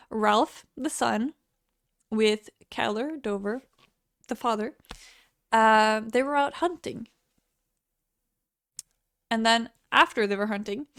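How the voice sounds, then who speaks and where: A woman's voice: a little high, fairly bright tone, smooth. A woman giving a casual, rambling movie review while she has the hiccups, often breaking off mid-thought and laughing. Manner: rambling, self-interrupting, laughing. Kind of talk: casual unscripted monologue.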